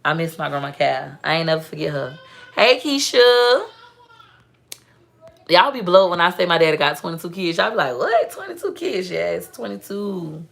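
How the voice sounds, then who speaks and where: A woman's voice: sits low, steady tone, quick pace, vocal fry, few pauses, a bit bright. A young woman chatting casually to viewers on a livestream, telling family stories. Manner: chatty, storytelling, talks straight to viewers. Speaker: livestream host. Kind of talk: casual live-stream chat.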